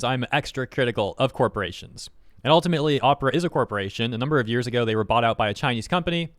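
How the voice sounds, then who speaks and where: Guy doing quick wry commentary, rattles through it fast, dry close sound. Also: on the low side, a bit bright, no room sound. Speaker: YouTube commentator. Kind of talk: casual commentary reading tweets.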